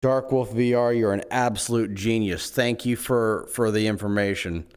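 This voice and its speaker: A man streaming in-character role-play chat, excitable and scheming, cracking quick jokes. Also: fairly low pitch, clear, resonant tone.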